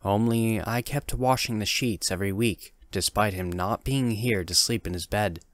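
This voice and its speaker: A man with a low voice reads a first-person horror story in a calm, measured way. His delivery is steady and deliberate. The recording is dry, with no room sound. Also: no room sound. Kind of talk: scripted horror narration.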